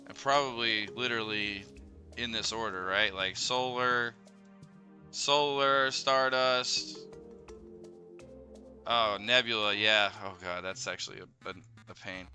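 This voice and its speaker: A man streaming a video game, talking through it casually and swinging into high, panicked yelps and swearing. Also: slow pace, pauses often. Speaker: gaming streamer. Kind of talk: live game commentary. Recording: game music loud behind voice. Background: game music.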